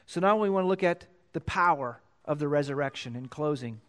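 A pastor preaching a sermon, reading scripture aloud and repeating key phrases for emphasis. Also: male voice, lively intonation, fairly quick. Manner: reads scripture louder and higher, then drops low to explain.

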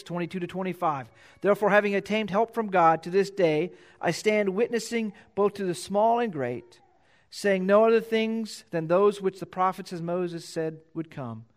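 Man preaching a sermon. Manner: reads scripture louder and higher, then drops low to explain; repeats phrases for emphasis. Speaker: pastor. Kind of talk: sermon with scripture reading.

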